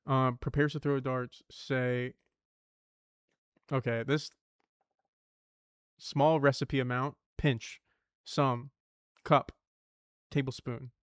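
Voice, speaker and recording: A man's voice: medium pitch, little pitch movement, takes it slowly, pauses often, clean tone, no echo, studio quality. A young man streaming himself solving word puzzles, thinking aloud, swearing and muttering clues to himself.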